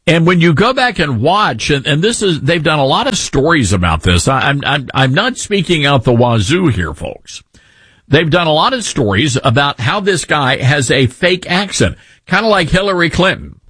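Man, 50s, talk radio host, animated, husky, rambling, jokey, dry studio mic. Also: on the high side, normal speed, dry recording.

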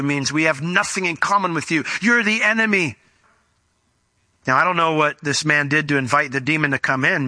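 A middle-aged man delivers a sermon with animated energy and slips into the voices he quotes. His voice is very bright and sits a little high. The sound is dry, with no room around it. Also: no echo. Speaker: pastor.

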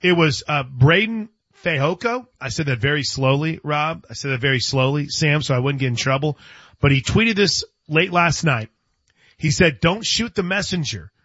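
A man's voice: fairly high pitch, normal speed, fairly bright tone, husky, no room sound, dull audio. A man hosting a sports radio show, chatting casually and often restarting his sentences. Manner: chatty, stumbles and restarts, laughs.

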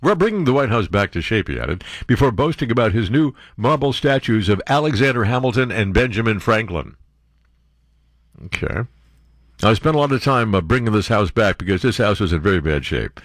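A man hosting a talk radio show, reading the news and tearing into it with sarcastic, disbelieving asides. His pitch swings widely as he rants. The sound is dry and close. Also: brisk, dry recording. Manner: sarcastic, animated commentary with mock-incredulous outbursts. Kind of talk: reading and mocking news on air.

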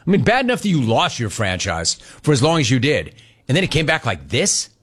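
A man's voice: medium pitch, wildly swooping pitch, a little fast, a bit bright, husky. A man hosting a sports radio show, ranting with mocking emphasis and repeating his points. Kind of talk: opinionated sports rant.

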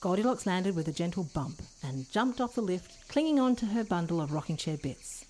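A woman's voice: lowish voice, very animated, fairly quick, darkish tone, slight background noise. Woman reading a kids' story. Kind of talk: children's story narration.

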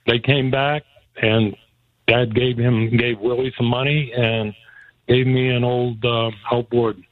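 A man's voice: medium pitch, level tone, slow pace, dry recording. A man as a guest telling a folksy personal story, chuckling often as he goes. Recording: tinny phone line, dry.

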